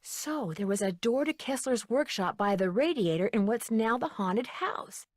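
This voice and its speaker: A woman's voice: fairly high pitch, animated, normal speed, no room sound, studio quality. An actress voicing a polite, composed young woman detective in a game. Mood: calm. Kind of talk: game voice acting.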